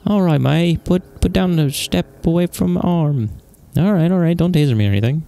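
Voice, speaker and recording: A man's voice: fairly high pitch, moderate pace, gravelly, dark tone, pitched above the performer's own voice. A man voicing a stern middle-aged policewoman with a mock British accent, bossy and commanding.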